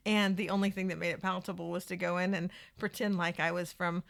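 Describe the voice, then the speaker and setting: A woman's voice: on the low side, level tone, quick pace, vocal fry, fairly bright tone, dry recording, clean studio sound. A middle-aged woman, co-hosting a podcast, chatty and giggly. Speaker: podcast co-host. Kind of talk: casual chat.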